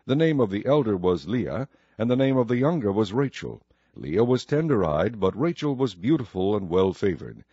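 A man reading scripture aloud in a measured, solemn cadence, with a husky voice, on a dull lo-fi recording. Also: fairly low pitch, mellow, no room sound. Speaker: scripture reader. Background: faint music.

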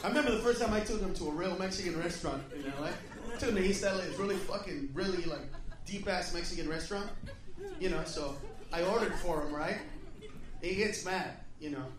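Brash profane male stand-up comic, high voice. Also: brisk, crowd noise. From United States. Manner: brash, profane, acts out characters with shouted voices. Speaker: stand-up comedian. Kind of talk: stand-up comedy set. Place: comedy club stage, laughing audience. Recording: echoey live club recording from a distance.

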